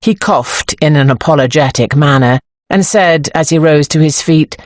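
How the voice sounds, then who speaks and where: A woman narrating an audiobook in a measured, expressive storytelling manner, close to the microphone. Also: deep voice, dry recording. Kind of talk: scripted narration.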